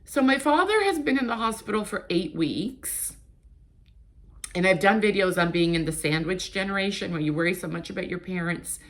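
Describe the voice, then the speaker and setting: A woman's voice: medium pitch, lively intonation, normal speed. A woman in her late fifties, born in Portugal and raised in Canada, talking candidly to her viewers in a rambling, open way with frequent restarts. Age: 50s. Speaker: YouTuber. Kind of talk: casual chat to camera.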